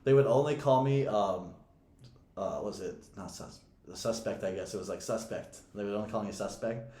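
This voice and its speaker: A man's voice: fairly low pitch, fairly quick, dark tone. A young man and podcast co-host casually telling a story, profane and often laughing. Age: young adult. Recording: echoey room.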